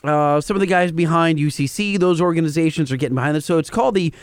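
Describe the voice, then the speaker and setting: A man's voice: a little high, fast, no room sound, clean studio sound. A man co-hosting a podcast, casually reading news in an upbeat, loose way. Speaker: podcast co-host. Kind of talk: casual radio chat.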